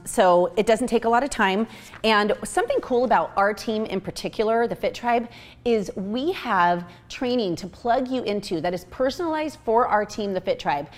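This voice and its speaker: A woman in her thirties giving a casual, upbeat recruiting pitch as a team coach, chatty and full of fillers.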